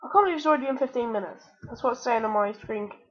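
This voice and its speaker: This gaming channel host runs a let's-play with excitable energy, chatting to the game and letting out yelps in dangerous moments. Her voice is fairly high-pitched and very fast. The audio's highs are cut off.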